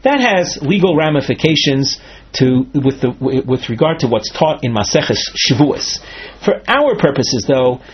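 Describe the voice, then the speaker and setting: A man's voice: mid-range voice, big pitch swings, a little slow, slightly rough. A man teaching a Talmud study lecture, explaining each term step by step, with a few restarts. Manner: methodical, explains terms step by step with some restarts. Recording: dull lo-fi recording.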